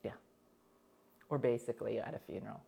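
A woman's voice: rumbling low, a little fast, vocal fry, husky. Chatty middle-aged Philly woman host. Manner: chatty, animated, peppered with "like" and laughs. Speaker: morning show host and comedian. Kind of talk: casual chat, storytelling.

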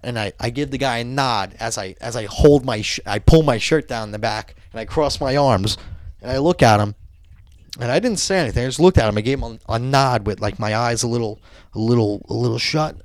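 A man telling a profane, animated story in casual chat. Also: medium pitch, fairly quick, no echo, studio quality.

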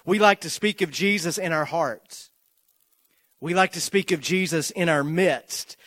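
A man preaching a sermon, moving from slow, measured lists to loud, rising repetition as he tells a story. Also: on the high side, no echo, clean studio sound.

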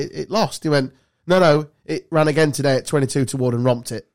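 Male co-host, casual banter, laughs and swears through his anecdotes, middle pitch. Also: a little fast, darkish tone, no echo, studio quality. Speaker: podcast co-host.

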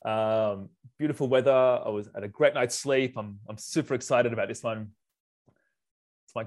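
A man's voice: mid-range voice, moderate pace. A man, a wedding photographer telling stories in a casual interview, acting out the people he quotes. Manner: animated, acts out quotes in raised voice. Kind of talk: casual storytelling.

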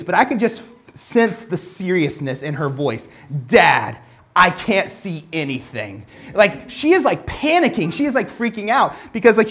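A young man giving a relaxed, conversational sermon. He tells personal stories in a chatty style, often restarting sentences and leaning on fillers as he goes. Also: high-pitched. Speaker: preacher.

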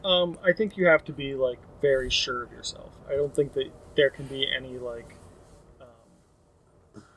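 A man speaking thoughtfully as a podcast guest, hedging his points and trailing off quietly. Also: mid-range voice, fairly even intonation, a little slow, slight background noise, rough recording. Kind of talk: casual chat.

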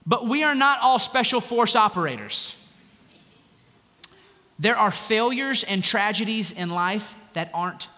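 A man preaching a sermon as pastor, animated and conversational, with jokes and asides. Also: sits high, long reverb tail.

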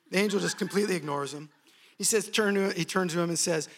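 A man preaching a sermon, telling a story in an animated, humorous way. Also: sits high, quick pace.

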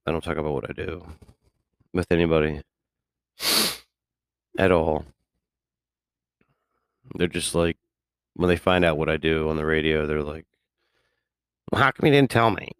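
A man's voice: low-pitched, smooth, dry recording, clean studio sound. A man hosting a radio show, rambling casually in a profane, loose way and laughing often. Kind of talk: casual solo talk.

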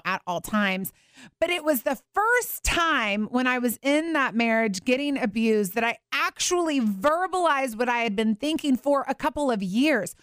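Chatty, high-voiced Christian radio host woman. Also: no room sound, clean studio sound. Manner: chatty, animated, laughs often. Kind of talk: casual faith talk.

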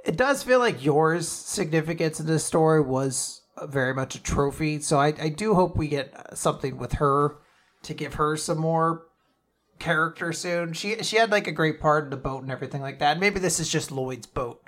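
A male podcast host with a bright, forceful voice that sits a little high for a man. He chats casually and keeps things animated, often slipping into quoted lines as he talks. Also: normal speed. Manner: animated, fond of acting out quotes.

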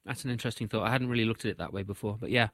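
Man of average pitch, easygoing and quick to laugh, dry close recording. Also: dry recording. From Shropshire, England. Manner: relaxed, laughs easily. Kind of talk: casual conversation.

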